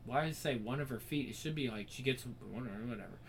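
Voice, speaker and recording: A man's voice: medium pitch, fast, creaky, slight background noise. A man hosting a let's play, reading a visual novel aloud and breaking in with wry, joking asides.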